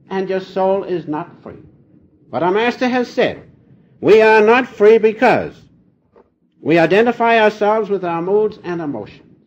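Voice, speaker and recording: An older man giving an informal spiritual talk, telling folksy little stories with gentle humor. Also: high voice. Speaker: spiritual teacher. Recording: dull lo-fi old recording.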